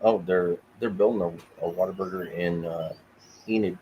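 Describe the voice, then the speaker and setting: A man from Oklahoma co-hosting a casual live podcast, joking in a dry, deadpan way. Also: low voice, moderate pace, dull audio, a little hiss or hum. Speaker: podcast co-host.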